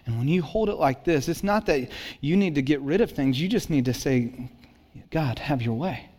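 A middle-aged man preaching a sermon, telling a personal story with animated swings between excitement and hushed intensity. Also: fairly high pitch, a little fast. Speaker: pastor.

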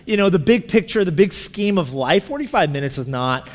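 A man's voice: high-pitched, expressive, brisk. A man telling a personal story in a sermon, casual and chatty, full of asides and fillers. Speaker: pastor. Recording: reverberant hall.

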